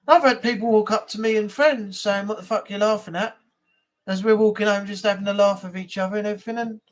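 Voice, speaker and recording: Rambling English man chatting. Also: high voice. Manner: rambling, storytelling, blunt. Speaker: live chat host. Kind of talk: casual live-stream chat.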